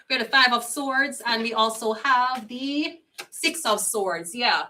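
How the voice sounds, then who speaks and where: An older woman with a Jamaican accent rants through a tarot reading, swearing freely and sliding into patois. Her voice is high and bright, and she sits some way back from the mic. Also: recorded from a distance. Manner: profane, heated, slips into patois. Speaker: tarot reader. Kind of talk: casual ranting monologue.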